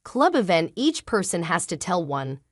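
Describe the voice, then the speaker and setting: Eager young schoolboy as a woman narrator plays him, lively pitch, dry sound. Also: normal speed, no echo.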